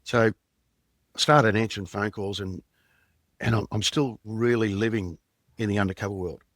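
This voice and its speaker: A man's voice: fairly low pitch, moderate pace, fairly bright tone, dry recording, studio quality. A man in his fifties with an Australian accent, a podcast guest telling his story in a plain-spoken, rambling way with slang. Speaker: podcast guest, former undercover detective. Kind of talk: candid storytelling in conversation.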